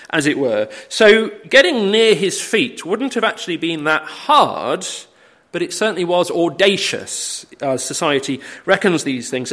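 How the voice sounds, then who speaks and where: A man's voice: a little high, a bit bright. A man preaching a sermon, explaining a Bible passage as a story, with frequent hesitant fillers.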